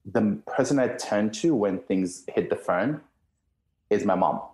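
Man, low voice, earnest rambling podcast talk, restarts a lot, echoey room. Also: animated, measured pace, a little mellow. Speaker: guest cohost. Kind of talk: casual podcast chat. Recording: roomy echo.

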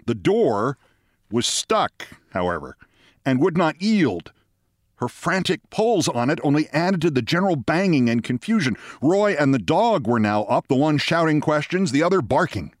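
A man hosting a podcast, reading a short story aloud in a lively storytelling manner. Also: normal speed, no room sound, studio quality. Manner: lively storytelling, jumps high for quoted shouts. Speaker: podcast host.

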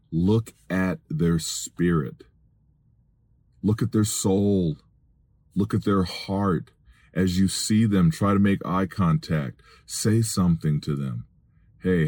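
A middle-aged man with a very low voice, preaching on his podcast while sitting in his car. He pleads earnestly with listeners and lifts his voice into emphatic appeals. The sound is close and dry, with no room around it. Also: warm tone, dry recording. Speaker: podcast host and Christian minister. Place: in a vehicle.

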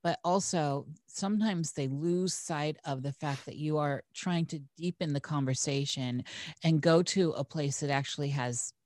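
A woman with a low voice chats casually on a podcast. She builds on the point with agreeable remarks and laughs easily. Her voice is recorded dry and close. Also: moderate pace, a little mellow, no room sound.

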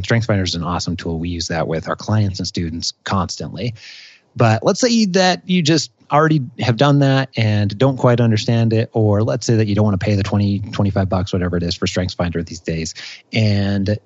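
A man's voice: lowish voice, darkish tone, no room sound, muffled recording. A man talking as a career coach in a casual podcast conversation, explaining ideas energetically.

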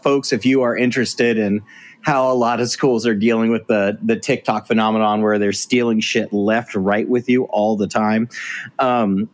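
A man hosting a casual podcast, offering sympathy and then steering the conversation to the next topic. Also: mid-range voice. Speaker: podcast host.

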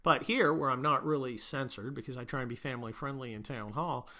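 A man's voice: mid-range voice, fairly quick, sharp tone. A man hosting a podcast, ranting sarcastically and profanely in a rambling way. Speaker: podcast host. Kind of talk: sarcastic political rant.

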